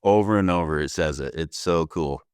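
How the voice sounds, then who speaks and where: A man's voice: rumbling low, moderate pace, clear, resonant tone, no room sound, studio quality. A man in casual chat, eagerly urging the others to watch a video.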